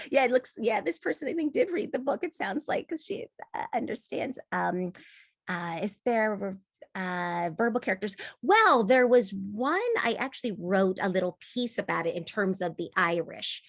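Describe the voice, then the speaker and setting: A woman's voice: medium pitch, expressive, moderate pace, gravelly, dry recording, clean studio sound. A woman author talking in an interview, thoughtful and laughing often, with frequent restarts. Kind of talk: conversational interview.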